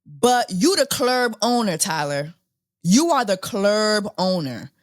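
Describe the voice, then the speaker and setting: A woman in her thirties hosts a casual commentary podcast, voice swooping up and down as she reacts in disbelief. She talks at an unhurried, drawn-out pace, often laughing and repeating herself. The sound is dry and close. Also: mid-range voice, sing-song, dry recording. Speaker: podcast host.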